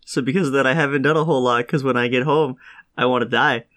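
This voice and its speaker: A man's voice: mid-range voice, fairly even intonation, fast talker, fairly bright tone. A man co-hosting a casual podcast chat, sick with a cough, telling stories in a dry, wry way. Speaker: podcast co-host.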